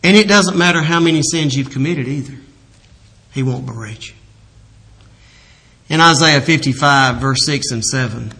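A man giving a sermon, telling a personal story in a voice that swings from hushed confession to animated retelling. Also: medium pitch. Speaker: preacher.

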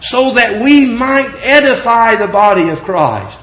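A man preaching a sermon, reading scripture slowly with rising and falling emphasis. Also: extremely high pitch, animated, fairly bright tone.

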